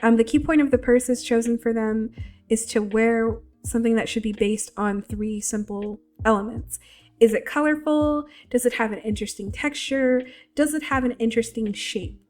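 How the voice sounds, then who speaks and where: A woman's voice: on the high side, moderate pace, darkish tone, soft background music. A congested woman giving a casual tutorial, rambling with lots of fillers and restarts. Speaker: VTuber tutorial creator.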